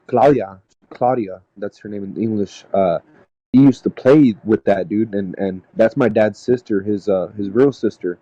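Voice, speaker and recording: A man telling a personal story in casual podcast talk, halting and rambling with lots of "dude" and "man". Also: on the low side, dark tone, no echo, lo-fi sound. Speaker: podcast panelist. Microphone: podcast mic.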